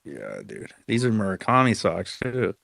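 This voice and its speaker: Joking bro-talk host, dry sound. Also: male voice, low voice, wildly swooping pitch, normal speed, vocal fry, a bit bright, no echo. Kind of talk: casual chat.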